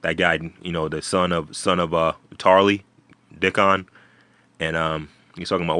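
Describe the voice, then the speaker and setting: Low, bright-toned man rambling casually. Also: little pitch movement, moderate pace, smooth, dry recording. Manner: rambling, many fillers and restarts, swears freely. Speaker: video host. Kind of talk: casual episode recap.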